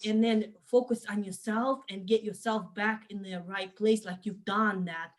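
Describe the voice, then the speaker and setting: A woman's voice: medium pitch, a little slow. Reassuring woman host giving advice. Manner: calm, reassuring, advising. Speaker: program host. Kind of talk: supportive advice in conversation.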